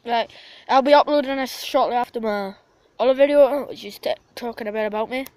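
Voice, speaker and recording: A man vlogging casually outdoors by a river, excitable, swearing and yelling at ducks. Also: extremely high pitch, a little fast, clean tone, no echo, rough recording. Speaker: YouTube vlogger.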